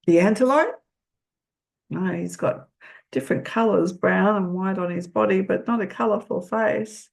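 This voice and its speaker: An older woman reading a children's picture book aloud, gently asking the listener questions. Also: medium pitch, moderate pace, creaky.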